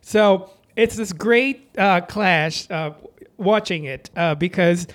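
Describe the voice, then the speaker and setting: A man's voice: high-pitched, slow. A man co-hosting a casual film chat, talking enthusiastically with many uhs and hesitations. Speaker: podcast co-host. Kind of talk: casual movie review chat.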